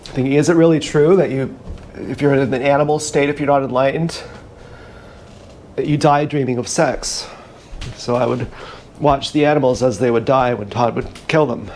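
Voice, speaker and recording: A man telling a meandering, profane story in a halting, casual livestream monologue, recorded on an action camera mic. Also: mid-range voice, steady tone, darkish tone, a little hiss or hum.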